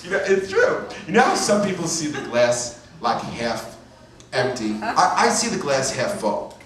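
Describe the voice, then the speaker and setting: New guy doing standup, lively up-and-down voice, super echoey room, crowd laughing. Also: mid-range voice, measured pace. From Brooklyn. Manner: rambling, self-mocking, chatty asides. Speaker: stand-up comedian. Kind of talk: stand-up comedy set. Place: comedy club stage. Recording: echoey club from far off with crowd.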